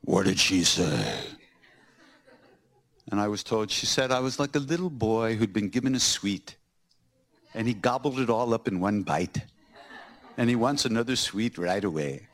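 A man's voice: fairly low pitch, moderate pace. A man hosting a podcast, recounting personal stories and acting out the scenes with laughter. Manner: animated, acts out scenes with laughter. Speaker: podcast host.

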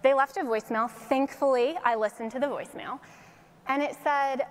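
A woman from Colorado giving a faith-based motivational talk, telling her story in a lively way and laughing often, in an echoey hall. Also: high-pitched, moderate pace. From Colorado, USA. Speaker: speaker.

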